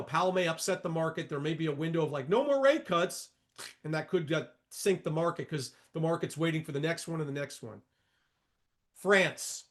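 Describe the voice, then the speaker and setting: Pulling up charts as he teaches about trading, a market educator in his sixties speaks in a strikingly high voice. He hammers points home through repetition and emphasis, sprinkling in homespun remarks for viewers.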